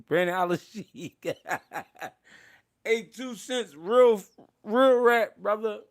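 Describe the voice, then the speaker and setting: A man hosting a casual boxing live stream, talking loose and unscripted in street slang. His voice sits a touch high for a man. He rambles, laughs often and keeps thanking his viewers. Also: very slow. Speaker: boxing livestream host.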